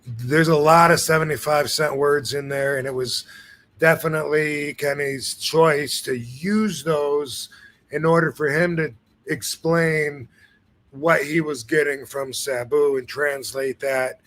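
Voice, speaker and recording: A man's voice: on the high side, fairly even intonation, measured pace, fairly bright tone. A man hosting a live stream, talking in a laid-back, rambling way with many fillers and restarts. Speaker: show host. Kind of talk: casual live-stream chat.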